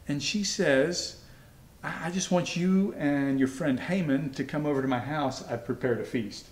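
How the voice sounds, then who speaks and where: A man's voice: a little high, a little slow, reverberant. A man retelling a Bible story for kids in a casual, conversational way, lightly voicing each character in his own voice. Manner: conversational, acts out characters' lines in everyday voice.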